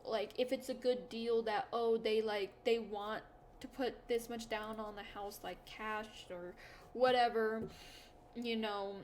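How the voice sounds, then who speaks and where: A young woman talks casually to her audience in a slightly high voice. She rambles through self-deprecating stories, full of "like" and restarts. A faint background noise sits under the recording. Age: young adult. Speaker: YouTuber. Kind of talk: casual chat to camera.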